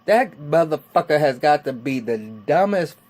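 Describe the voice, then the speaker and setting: A man in his forties giving a casual, excitable, heavily cursing recap of a TV episode. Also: a little high, a little slow. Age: 40s. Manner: excitable, heavily cursing, acts out characters' lines. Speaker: TV episode reviewer.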